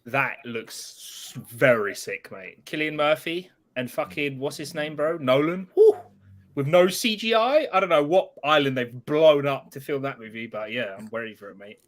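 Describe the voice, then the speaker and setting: A man hosting a live stream, chatting loudly with friends and swearing often. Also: fairly high pitch, lively intonation, moderate pace. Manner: loud, swearing, laughing banter. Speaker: host. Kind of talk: casual live-stream chat.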